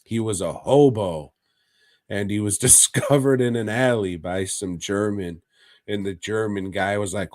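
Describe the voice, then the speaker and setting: A man co-hosts a podcast in casual, profane chat and rambles through stories. His voice sits low and moves slowly. The sound is close and completely dry. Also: a little mellow, no echo. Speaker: podcast co-host.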